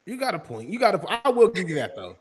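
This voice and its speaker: A man's voice: high-pitched, quick pace, breathy edge. A man co-hosting a live podcast in a casual, joking way, reading viewer comments aloud. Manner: animated, joking, reads chat comments aloud. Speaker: podcast co-host. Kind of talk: casual wrestling podcast chat.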